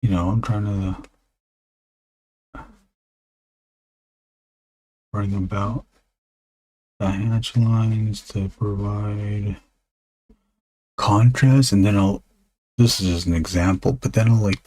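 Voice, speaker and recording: A man quietly narrates his comic drawing on a live stream, voice low and half-whispered at the desk mic, musing between pauses. His tone is steady and mellow.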